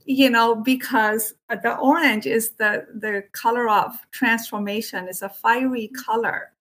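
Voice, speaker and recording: A woman's voice: fairly high pitch, measured pace. A woman who is an Ayurvedic doctor and yoga teacher, chatting casually about emotions and acting out quoted voices. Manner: animated, acts out quoted voices. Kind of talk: casual spiritual conversation.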